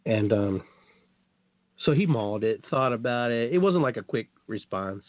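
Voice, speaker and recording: Guy hosting a chatty show, animated storyteller, cusses a bit, sounds like a thin dry phone call. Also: mid-range voice, moderate pace, dry recording. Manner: animated, acts out quotes, swears. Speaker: show host telling a story. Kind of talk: casual storytelling chat. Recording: dry tinny phone-like line.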